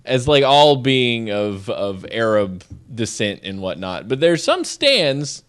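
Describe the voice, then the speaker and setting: A man's voice: medium pitch, very animated, slow, fairly bright tone. A man co-hosting a casual streamed show, chatting and reading odd news stories aloud, often laughing as he goes. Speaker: co-host.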